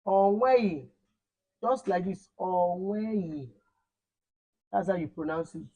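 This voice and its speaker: A man teaching a language lesson online, repeating words slowly and correcting his pupils. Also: sits high, animated, mellow, dull audio.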